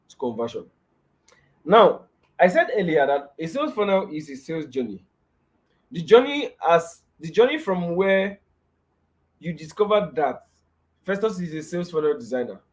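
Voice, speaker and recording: A young Nigerian man presents a live webinar lesson over a video call. His voice sits a little high, and he leans on repetition, circling back to his key phrases and checking in with the audience as he goes. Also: a little mellow. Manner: repeats key phrases for emphasis, asks "right?" often. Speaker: webinar speaker.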